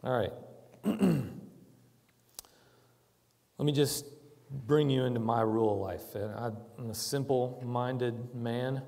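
A man giving a conversational sermon to a church, moving from quiet reflection to loud, emphatic urging. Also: mid-range voice, takes it slowly, pauses often, long reverb tail. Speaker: church speaker.

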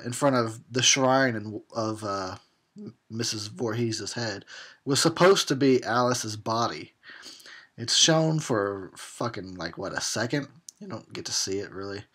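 A man's voice: mid-range voice, a bit bright. A man giving a tipsy, sarcastic commentary on a horror film, laughing and swearing as he goes. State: tipsy from drinking.

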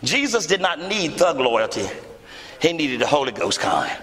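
Animated preacher man in an echoey hall. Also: moderate pace. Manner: animated, acts out dialogue with big pitch swings. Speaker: pastor. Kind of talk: storytelling sermon. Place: church hall before a congregation.

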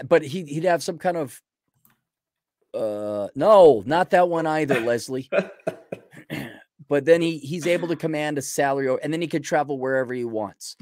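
A man's voice: mid-range voice, a little mellow, dry recording, clean studio sound. A man co-hosting a livestream, joking around casually and trailing off as he thinks aloud. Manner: playful, jokey, trails off while thinking. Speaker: livestream co-host.

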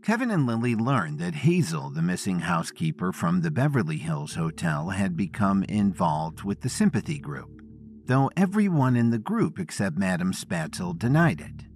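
A man narrating a story in scripted, expressive storytelling. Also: low-pitched, normal speed.

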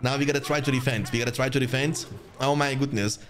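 A young man commentating his own strategy game match for viewers, chatty and quick to get excited. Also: medium pitch, a little hiss or hum. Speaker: gaming channel host. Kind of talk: live gameplay commentary.

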